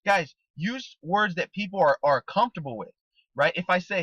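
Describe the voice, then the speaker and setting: Emphatic male trainer, bright ringing voice. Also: fairly high pitch, lively intonation, fairly quick, dry recording. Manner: emphatic, coaching, rhetorical questions, repeats "guys" and "okay?". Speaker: network marketing trainer. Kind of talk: motivational training talk. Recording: dull, dry recording.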